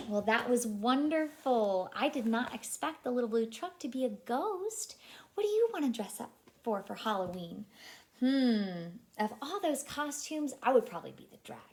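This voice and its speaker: A female childcare teacher with a voice on the high side reads a picture book aloud to young children. She's animated, asks them questions, and drops to a hushed whisper for suspense.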